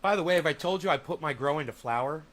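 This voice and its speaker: A man's voice: a little high, quick pace, a bit bright, a little hiss or hum. A man chatting casually on a livestream, sarcastic and joking. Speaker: streamer.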